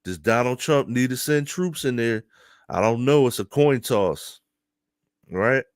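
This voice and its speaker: A man from Philadelphia giving casual, animated opinion commentary to his viewers, laughing often and talking straight to them. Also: medium pitch, a little slow, dry recording. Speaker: news commentary streamer.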